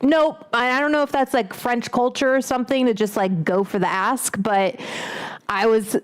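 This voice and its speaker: A woman in her late thirties with a high voice hosts a casual cooking stream. She talks bluntly and rambles, swears freely and laughs often. Her voice is picked up by an omnidirectional mic. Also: normal speed, clean tone. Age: late 30s. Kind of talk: casual livestream chat.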